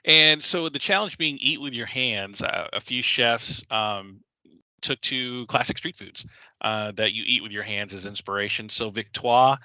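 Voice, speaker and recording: A man's voice: medium pitch, a little slow, pushed and bright, no room sound, low-quality recording. A man hosting a podcast, casually recapping and explaining with fillers and easy laughs. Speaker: podcast host.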